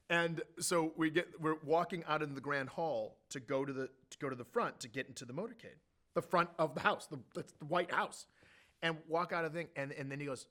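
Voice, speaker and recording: A man telling an animated story as an interview guest, acting out what others said. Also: a little high, fairly quick. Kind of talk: conversational anecdote telling.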